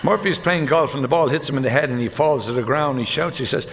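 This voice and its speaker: An Irish man delivers stand-up jokes in a dry, deadpan way, his voice a little gravelly. He is recorded live in a large reverberant hall, with an audience laughing in the background. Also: mid-range voice, noisy background. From Ireland. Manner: deadpan joke delivery with quick character switches. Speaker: stand-up comedian. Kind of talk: live stand-up joke telling.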